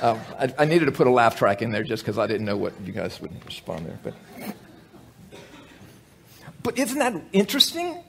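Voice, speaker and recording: A man preaching a sermon, joking with the congregation and telling animated stories, with many fillers and restarts. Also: mid-range voice, moderate pace, vocal fry, long pauses.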